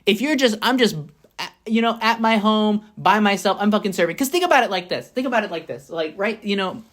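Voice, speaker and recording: A young adult woman talking straight to camera in a casual motivational monologue, mid-pitched and full of profanity. She drives her points home by repeating them and jumps between bright high bursts and low, muttered asides. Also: animated, fairly quick. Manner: blunt and profane, emphatic repetitions. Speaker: vlogger.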